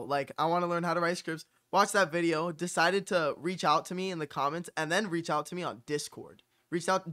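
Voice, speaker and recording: A young man chats about his work in a relaxed, rambling way, leaning on "like" and "bro" in nearly every phrase. His voice sits a little high and sounds bright and forward. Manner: loose, says "like" and "bro" constantly. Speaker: copywriting channel host. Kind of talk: casual chat.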